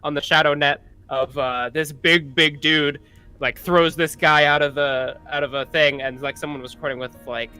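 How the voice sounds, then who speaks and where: Bright, casual, swearing man. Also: fairly high pitch, steady tone, normal speed, smooth, faint music behind. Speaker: player. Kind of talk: tabletop game chat.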